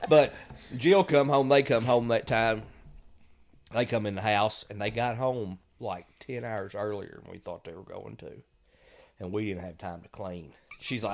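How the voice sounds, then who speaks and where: A middle-aged man, telling lively stories as a podcast guest and chuckling at the punchlines. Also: on the low side, a little slow, slight background noise. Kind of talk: casual storytelling.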